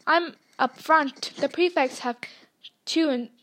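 A woman's voice: high-pitched, slow pace, a bit bright. A woman voicing a self-important teenage boy prefect who speaks in a clipped, pompous manner.

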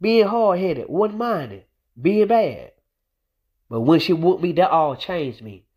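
A young adult male vlogger tells a personal story in a casual monologue, emphatic and repetitive as he hammers his point home. His high voice is lively but slow, and the recording has its highs cut off.

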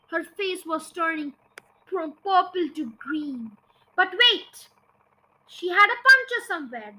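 A woman reading a children's storybook aloud, expressive and slowing for suspense. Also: very high voice, poor audio. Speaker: podcast storyteller.

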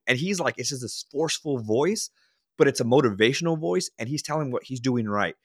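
A man's voice: mid-range voice, a little fast, husky, dry recording, studio quality. A man guest on an interview podcast, talking casually and acting out voices of the people in his stories. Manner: animated storyteller acting out quoted dialogue. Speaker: podcast guest, leadership consultant.

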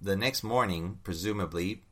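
A man co-hosting a casual comics chat, animated and laughing often, turning to his co-host with questions. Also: sits low, normal speed, a crowd in the background. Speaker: podcast co-host discussing comics.

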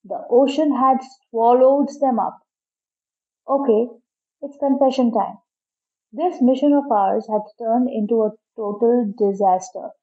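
A woman reads a storybook aloud in a lively, expressive way. Her voice sits fairly high, and she reads slowly. The sound is narrow and tinny, like a phone line. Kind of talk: storybook narration.

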